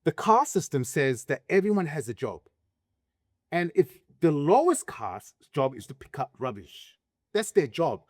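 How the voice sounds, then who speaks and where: Speaking straight to camera, a vlogger delivers a casual opinion monologue in a fairly high, very animated voice at an unhurried pace, with no echo. He's emphatic, poses rhetorical questions, and keeps restarting his sentences.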